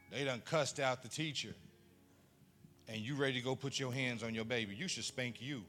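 Over soft background music, a man with a medium-pitched voice preaches a storytelling sermon at normal speed to a live audience. He animatedly recounts funny family stories, acting out the relatives' voices and quizzing the crowd.

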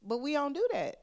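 A woman preaching a sermon. Her delivery is earnest and emphatic, and she speaks to the congregation in a loose, conversational way, calling them "y'all." Her pitch sits at an ordinary middle height. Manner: informal, conversational phrasing. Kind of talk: sermon with personal testimony.

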